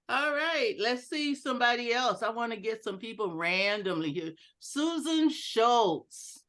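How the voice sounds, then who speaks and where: During an online club presentation with audience exercises, a woman plays with different inflections of one sentence in an animated, playful way. Her pitch is fairly high, her pace measured, and she pauses little. She's giving an educational talk over video call.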